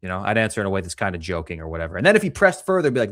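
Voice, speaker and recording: A man co-hosting a casual show review, excitable and profane, breaking into loud outbursts. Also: low-pitched, rapid-fire, dry recording, clean studio sound. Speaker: podcast co-host. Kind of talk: casual chat.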